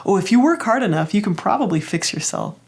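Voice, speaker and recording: A woman voicing her bright, pushy inner fixer part, talking it up in a higher, upbeat coaching tone. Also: animated, fast, lightly acted. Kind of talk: guided therapy example.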